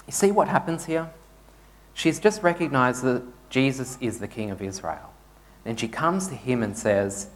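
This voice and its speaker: A man's voice: medium pitch, animated, normal speed. A man, a pastor giving a conversational sermon and telling stories to his congregation in a church. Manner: conversational storytelling preacher.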